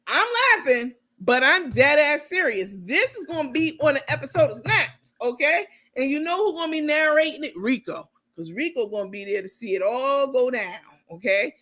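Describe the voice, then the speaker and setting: A woman hosting a casual comedy commentary show, talking in an animated, playful way with plenty of profanity. Her voice sits a bit on the high side. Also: normal speed, few pauses. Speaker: host.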